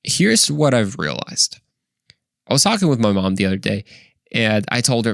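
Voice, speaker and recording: A man's voice: fairly low pitch, very animated, moderate pace, gravelly, fairly bright tone, no echo, clean studio sound. A man hosting a faith podcast, talking earnestly and conversationally to the listener, often saying "man" and "bro". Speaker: podcast host. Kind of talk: casual faith podcast monologue.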